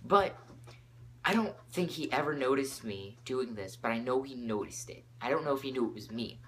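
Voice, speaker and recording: A teenage boy hosting his own podcast, rambling excitably from topic to topic with lots of fillers. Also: medium pitch, moderate pace, a little hiss or hum. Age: teens. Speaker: podcast host.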